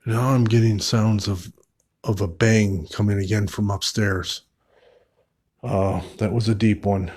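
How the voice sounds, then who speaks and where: A man investigating an old house alone, talking in a hushed, startled way and asking questions of spirits. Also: fairly low pitch, fairly even intonation, a little slow. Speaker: paranormal investigator. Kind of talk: solo ghost-hunting commentary.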